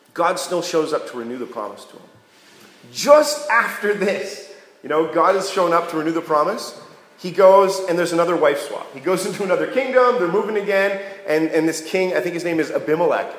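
A man preaching a casual sermon, joking and conversational, often checking in with "right?". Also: sits high. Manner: jokey, conversational, keeps asking "right?". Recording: echoey hall with long reverb.

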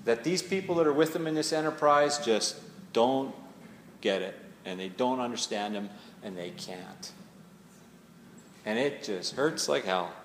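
Conversational preacher in an echoey hall. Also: male voice, medium pitch, animated, measured pace, fairly bright tone, slight background noise. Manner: conversational, reflective, rising to emphatic readings. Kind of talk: sermon. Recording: echoey hall with faint ambience.

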